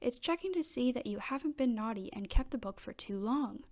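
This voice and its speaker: A woman reading aloud, voicing a brisk, friendly female rabbit librarian. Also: fairly high pitch, expressive, a little mellow.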